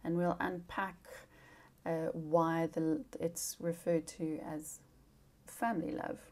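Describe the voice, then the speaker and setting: A woman's voice: sits low, little pitch movement, takes it slowly, darkish tone. A woman teacher giving a casual recorded lesson, chatty and informal with asides, sounding tired. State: tired, yawning.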